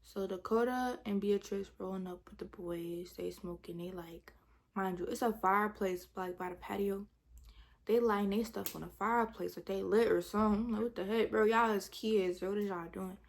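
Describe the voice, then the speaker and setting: A woman's voice: medium pitch, fairly even intonation, normal speed, creaky. A young woman, telling a storytime in casual chat, retelling with dramatic quotes and whispered asides. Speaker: vlogger.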